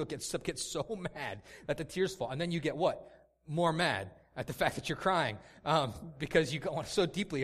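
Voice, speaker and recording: An impassioned man preaching with a mid-pitched voice that rises and falls a lot. He is emphatic and repeats words as he drives each point home. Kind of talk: sermon.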